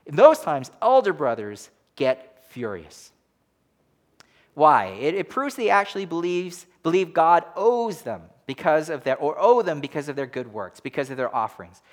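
A man's voice: on the high side, very animated, moderate pace. A man preaching a sermon as pastor, emphatic and full of rhetorical questions.

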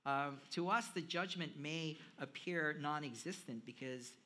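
A man preaching a sermon, chatting with his congregation and swinging between hushed lines and emphatic ones. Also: on the high side, measured pace. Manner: conversational, with fillers, addresses the audience.

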